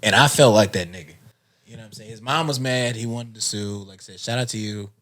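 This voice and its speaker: A man's voice: fairly low pitch, fast talker, a bit bright. A young man talking as a podcast guest, joking in casual chat with bursts of laughter.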